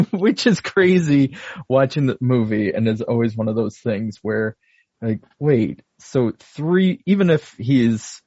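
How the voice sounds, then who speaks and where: A man's voice: mid-range voice, big pitch swings, takes it slowly, darkish tone, husky, dry recording. A man co-hosting a podcast in casual chat, recapping a story in an amused way and laughing often. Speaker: podcast co-host. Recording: dry, slightly dull audio.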